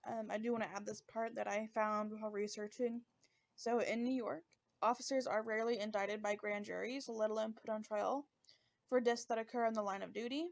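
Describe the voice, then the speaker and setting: Woman, true-crime podcast host, casual delivery on the edge of tears, slightly high voice. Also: fairly even intonation, brisk, vocal fry. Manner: emotional, fighting back tears; conversational with fillers.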